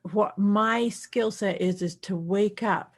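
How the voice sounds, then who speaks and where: A woman's voice: medium pitch, slow pace, creaky. A woman co-hosting a casual podcast chat, reflective, often repeating words as she searches for what to say. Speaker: podcast co-host, healer.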